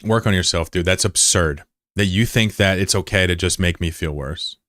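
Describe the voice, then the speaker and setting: Speaking at a moderate pace in a low, slightly bright voice, a male streamer chats casually with his audience and then turns on one viewer with a blunt, heated scolding. The recording is dry and clean, like a studio.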